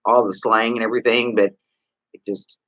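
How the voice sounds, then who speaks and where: A Texan man talks loosely to his livestream viewers, drifting from point to point and tossing questions at them. His voice is bright and forceful. The sound is dry and close, but dull and lo-fi. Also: on the low side, level tone, normal speed, no room sound. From Texas. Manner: rambling, talks straight to viewers with many questions. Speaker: livestream host. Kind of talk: casual livestream chat.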